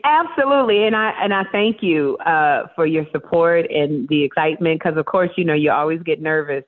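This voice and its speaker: A woman's voice: sits low, brisk. Woman guest on a tinny phone line. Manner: animated storyteller, playful. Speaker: talk show host as guest. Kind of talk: casual interview chat.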